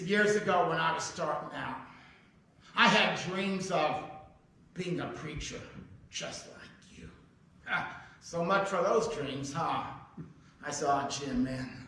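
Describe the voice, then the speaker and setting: A man's voice: medium pitch, a bit bright, slight background noise. A middle-aged male pastor telling a personal story in a sermon, in a conversational, folksy way, acting out the dialogue. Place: church sanctuary. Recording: echoey church hall, mic heard from a distance.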